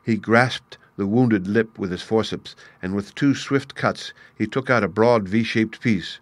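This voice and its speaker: A man narrating a classic story aloud in a steady, clear storytelling manner. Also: fairly low pitch, measured pace, hardly any pauses, no room sound.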